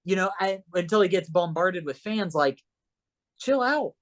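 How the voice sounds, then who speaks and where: A man's voice: high voice, normal speed. A man from Ohio, a podcast guest in casual chat, telling stories animatedly and acting out the voices of the people he quotes.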